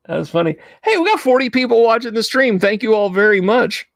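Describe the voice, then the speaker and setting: A chatty man hosting a casual livestream, his voice sitting a bit high for a man. He reads viewer names aloud and laughs easily, recorded dry and close with no room sound. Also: lively intonation, a little fast, creaky, hardly any pauses, dry recording. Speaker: livestream host.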